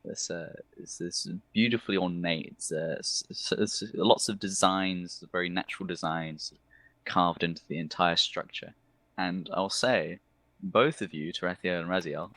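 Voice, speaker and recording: A man's voice: low voice, normal speed, bright, forceful tone, dry recording. A man narrating a tabletop game as game master in a rambling, hesitant way, often restarting.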